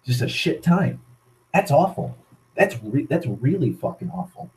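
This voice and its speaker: A young man from Massachusetts, speaking in a medium-pitched, darkish, sing-song voice at an unhurried pace, rants casually into his camera as a vlogger. Profanity, sardonic asides, and rambling restarts fill the low-quality recording.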